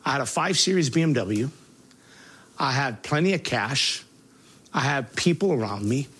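A man giving a spoken personal testimony, halting and earnest, with many restarts and fillers. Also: mid-range voice, expressive, a bit bright, slightly rough. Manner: voice rises sharply when reliving angry moments.

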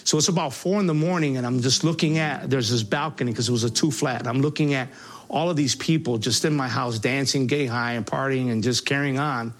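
A man giving a spoken personal testimony, halting and earnest, with many restarts and fillers. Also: mid-range voice. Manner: voice rises sharply when reliving angry moments.

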